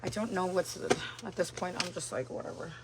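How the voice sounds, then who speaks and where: A woman's voice: lowish voice, fairly quick, heavy background noise. Rambling woman telling a story. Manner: rambling, heavy on filler words. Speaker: livestream host telling a story. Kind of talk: casual storytelling.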